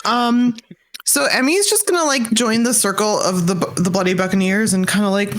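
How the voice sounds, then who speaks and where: A woman's voice: mid-range voice, moderate pace, slight background noise. Bubbly woman playing a tabletop game. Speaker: player. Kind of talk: casual tabletop role-play.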